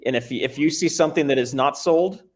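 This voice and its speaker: A man's voice: fairly high pitch, brisk. A man hosting a coin livestream, chiming in with short agreeing remarks and practical advice. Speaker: livestream host. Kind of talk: casual livestream chat.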